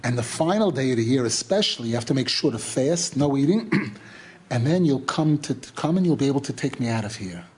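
A man's voice: mid-range voice, lively intonation, a little fast, a little mellow, slight background noise, lightly acted. A man voicing an earnest captive princess. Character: captive lost princess, young woman, earnest and grave.

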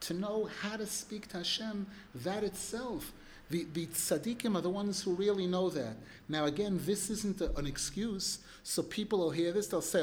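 Animated high-voiced man telling a sermon story. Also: normal speed. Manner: animated, emphatic storytelling with throat-clearing. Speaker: religious teacher.

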